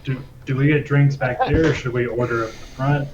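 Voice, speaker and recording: A man's voice: medium pitch, fairly even intonation, brisk, a crowd in the background. A man playing a tabletop game, talking in a hesitant, stammering way. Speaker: player. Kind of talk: casual tabletop play. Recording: dull noisy recording.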